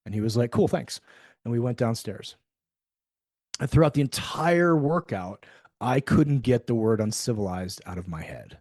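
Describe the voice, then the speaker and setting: Animated man telling a story, dry close mic. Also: medium pitch, normal speed, dry recording. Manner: animated storyteller, acts out quoted dialogue, swears freely. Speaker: podcast guest. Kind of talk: storytelling in a conversational interview.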